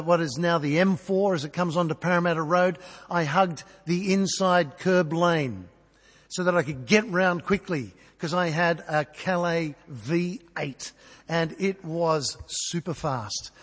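A man's voice: sits high, slightly rough. A man in his fifties with an Australian accent, preaching a sermon as a conversational, self-mocking storyteller in a church. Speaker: pastor. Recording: long reverb in a large church.

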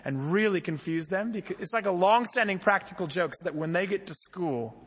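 A young male pastor preaches in an easy, conversational way and keeps turning questions back to his congregation. His voice sits high and has a breathy, husky edge. Each word trails off into the long reverb of a church hall. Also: expressive, fairly quick. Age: young adult. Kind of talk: sermon.

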